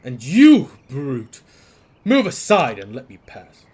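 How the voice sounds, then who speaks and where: A man voicing a fussy, indignant male traveling merchant, reading game dialogue aloud in a loud, protesting manner. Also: a little high, very animated, fairly quick, pitched above the performer's own voice. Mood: haughty.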